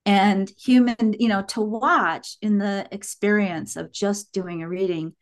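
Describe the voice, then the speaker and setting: A middle-aged woman chatting as a podcast guest, telling stories in an animated way and acting out what people said. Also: medium pitch, a little slow. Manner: animated storytelling, acts out quotes. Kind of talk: casual podcast chat.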